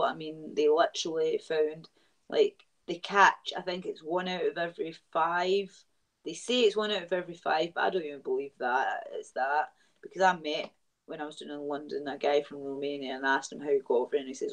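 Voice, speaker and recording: A woman with a Glaswegian accent, a guest in a casual chat, blunt and animated and swearing freely. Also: sits low, brisk, low-quality recording. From Scotland.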